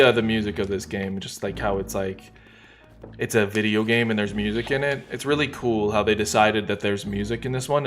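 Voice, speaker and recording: A man streaming a game, talking in a relaxed, wry, joking way as he plays. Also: on the low side. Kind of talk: casual gameplay commentary.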